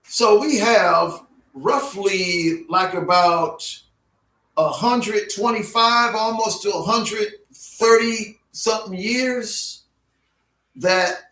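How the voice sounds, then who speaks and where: A man teaching a Bible history lesson in an unhurried way, often repeating names in their alternate pronunciations. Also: high-pitched, bright, forceful tone. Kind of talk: classroom Bible history lecture. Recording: roomy sound from a distant mic.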